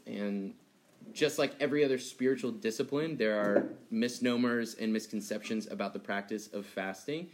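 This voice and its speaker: Casual, animated young male pastor. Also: on the low side, normal speed. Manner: conversational and animated, acting out childhood dialogue with laughs. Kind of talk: sermon.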